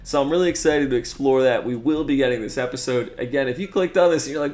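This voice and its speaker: A man's voice: medium pitch, fast, few pauses. Laid-back young male gaming commentator. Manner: chatty and laid-back, constantly says "man". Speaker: gaming video host. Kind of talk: casual gameplay commentary.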